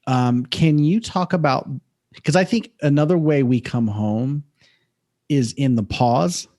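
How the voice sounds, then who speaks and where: A man's voice: medium pitch, a little slow, darkish tone. A man hosting a podcast, talking in a reflective, affirming way. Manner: affirming, reflective, often says "beautiful". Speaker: podcast host. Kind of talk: conversational podcast interview.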